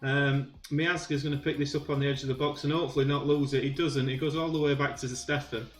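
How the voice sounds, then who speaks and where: A man's voice: medium pitch, fast. Yorkshire guy commentating his own footy manager game, chatty with lots of ums, echoey room, bit of music under it. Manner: chatty, self-commentating with frequent ums, bursts of excitement. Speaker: gaming YouTuber.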